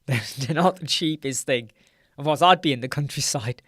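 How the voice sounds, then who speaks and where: Chatty and jokey, a British male host reads viewer comments aloud on a casual live stream and laughs often, speaking from a dark, soundproof-paneled room. The sound is very dry and close with no echo; his voice is medium-pitched, fairly bright and fairly quick.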